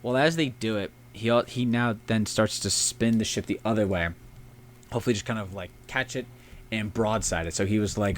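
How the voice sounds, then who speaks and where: A man's voice: lowish voice, a little fast, a little hiss or hum. A man co-hosting a casual history podcast, rambling and swearing as he tells the story. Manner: rambling, profane, puts on silly shouting voices for historical figures. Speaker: podcast co-host.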